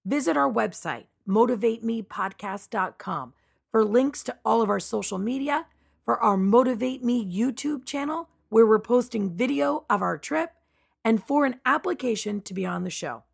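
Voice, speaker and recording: A woman hosting a podcast in a music studio, talking in an upbeat, encouraging way with a hoarse morning voice. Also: fairly high pitch, expressive, moderate pace. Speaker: podcast host. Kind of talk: casual interview chat.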